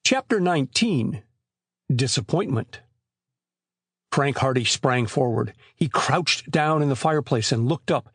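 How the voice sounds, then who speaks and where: A man narrating an audiobook with expressive, scripted storytelling on a close mic. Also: medium pitch, a little slow, husky, dry recording.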